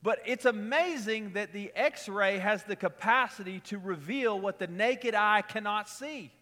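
A middle-aged man preaching a sermon in a conversational way, repeating key lines and telling quick personal stories. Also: sits high, sharp tone, big-room sound. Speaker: pastor.

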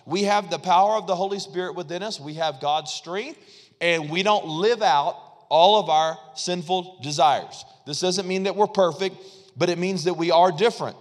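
A man's voice: high-pitched, normal speed, long reverb tail. A man pastor preaching a sermon in a church, conversational and repetitive, calling on the congregation to respond.

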